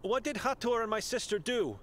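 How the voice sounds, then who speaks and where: A man's voice: extremely high pitch, lively intonation, fairly quick, a bit bright, a little hiss or hum. An actor playing a monk from Hungary who searches for his missing sister, asking polite, anxious questions.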